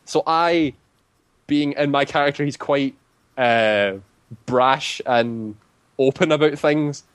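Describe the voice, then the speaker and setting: A man's voice: medium pitch, unhurried, clear, resonant tone, no echo. A man casually recounting a tabletop game session, rambling with many filler words. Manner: rambling, heavy use of "like" fillers. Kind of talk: casual storytelling.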